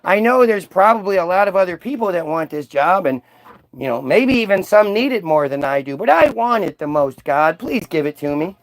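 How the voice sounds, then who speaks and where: A man's voice: high-pitched, animated, a little fast, rough recording. A man mimicking a hopeful job-seeker who pleads with God in a mock-humble way. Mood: pleading.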